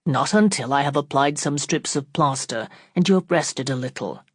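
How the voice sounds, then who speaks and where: A woman voicing a calm, practical male doctor in an audiobook, speaking in a measured, reassuring way. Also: sits low, slightly rough, no room sound, clean studio sound.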